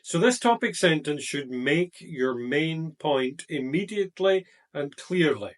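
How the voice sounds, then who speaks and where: Slow, deliberate male English teacher. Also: a little high, lively intonation, far from the mic. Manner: slow, deliberate, stressing key words. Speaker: IELTS teacher. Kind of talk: explaining grammar to the camera.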